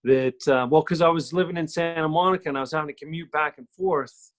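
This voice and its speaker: A chatty man with a slightly high voice, a podcast guest who tells a loose, filler-heavy story from home. He talks in an easygoing way. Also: fairly even intonation, fast. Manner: chatty, full of fillers and mimicked quotes. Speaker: podcast guest, soap actor. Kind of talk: casual storytelling. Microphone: remote call from home.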